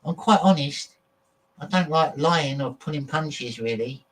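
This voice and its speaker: A man's voice: fairly high pitch, a little slow. A man hosting a casual livestream, talking bluntly and swearing freely while he chats with viewers. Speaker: show host. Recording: distant, choppy internet audio.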